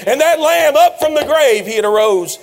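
A man preaching a sermon, retelling scenes with rising passion and frequent shouts. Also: very high voice, animated, moderate pace, creaky. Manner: impassioned storytelling preacher, often shouting.

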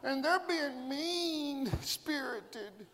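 A man voicing a self-pitying male prophet who complains in a sulky, drawn-out way, recorded in a reverberant hall. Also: extremely high pitch, expressive, a bit bright, pitched above the performer's own voice, heavily acted. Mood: whiny.

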